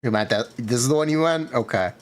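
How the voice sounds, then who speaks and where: A man's voice: medium pitch, fairly quick. A man streaming live and chatting casually with his viewers, laid-back and reacting to chat.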